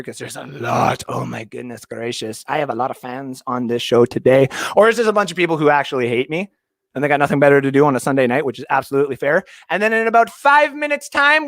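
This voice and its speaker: A man's voice: fairly high pitch, a bit bright, dry recording, clean studio sound. A young man from Canada hosting a casual livestream from his basement, reading viewer comments in a rambling, jokey way. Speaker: livestream host. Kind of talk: casual live-stream chat reading comments. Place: home basement.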